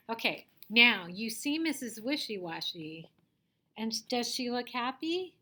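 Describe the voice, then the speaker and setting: A woman teacher giving a reading lesson to young children, patiently asking them questions and sometimes dropping to a soft whisper. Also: on the high side, animated, unhurried.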